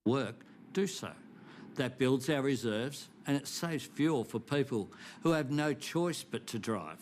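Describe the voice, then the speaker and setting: A middle-aged Australian man delivering a formal, measured televised address, reassuring in tone. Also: mid-range voice, expressive, darkish tone, a little hiss or hum. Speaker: national political leader.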